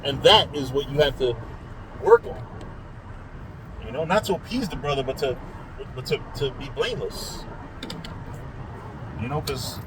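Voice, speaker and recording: A man's voice: fairly high pitch, noisy background. A man speaking in a casual monologue as a religious community speaker, talking bluntly with frequent swearing and repeating words as he builds his point.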